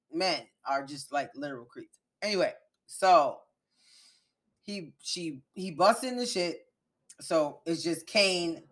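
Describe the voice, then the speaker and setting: A woman podcast host recapping a TV episode in casual chat, animated, emphatic and profane. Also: lowish voice.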